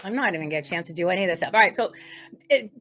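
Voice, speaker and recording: A woman co-hosting a faith talk show, opening the episode in a rambling, excitable way with many restarts. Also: fairly low pitch, racing. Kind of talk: casual spoken introduction.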